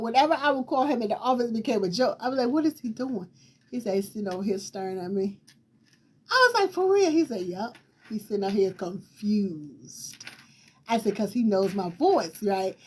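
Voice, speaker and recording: This host's voice is high, husky, and distinctive as she animatedly recounts her own story. She repeats herself often, performs what others said, laughs, and lets her casual, lively talk meander before looping back.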